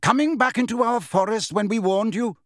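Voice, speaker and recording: A man's voice: high-pitched, a little fast, a bit bright, no echo, studio quality, voice pushed up. A man voicing a hostile male centaur warrior who speaks with a nasty, contemptuous edge. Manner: sneering, contemptuous.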